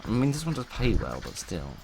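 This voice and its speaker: A man's voice: medium pitch, wildly swooping pitch, brisk, a little mellow. A man chatting wryly to himself as he plays a game, talking through each step in a casual, rambling way. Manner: wry, chatty, talks to himself while playing. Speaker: gaming YouTuber. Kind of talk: casual let's-play commentary.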